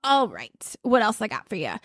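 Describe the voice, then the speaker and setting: A woman's voice: mid-range voice, wildly swooping pitch, normal speed, a bit bright, no room sound. Chatty young woman, dry close sound. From United States. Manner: chatty, rambling, many fillers. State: pregnant. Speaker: podcast host. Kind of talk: casual podcast chat giving tips.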